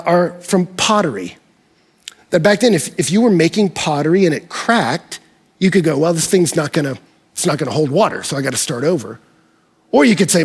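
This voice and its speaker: A pastor preaching a sermon to his congregation, his husky voice swinging between high, shouted peaks and quiet, low asides. He sits fairly high for a man and keeps his delivery animated and lively throughout. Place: church service in a hall.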